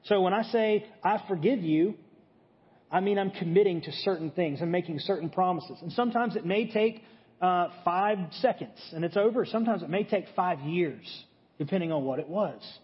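A man with a high voice preaches to his congregation, talking it through plainly and pausing to ask "okay?" as he goes. His words ring out with a long reverb in a large hall. The sound is a bit muffled. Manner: conversational teaching, frequent "okay?" check-ins. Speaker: pastor. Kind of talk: sermon.

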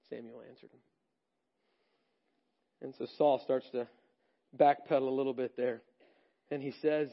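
A male pastor preaching a sermon, animated and swinging between loud and hushed delivery. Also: mid-range voice, a little slow, creaky, pauses often, dull audio.

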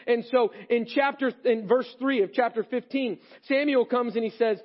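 A male pastor preaching a sermon, animated and swinging between loud and hushed delivery. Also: very high-pitched, moderate pace, hardly any pauses, muffled recording.

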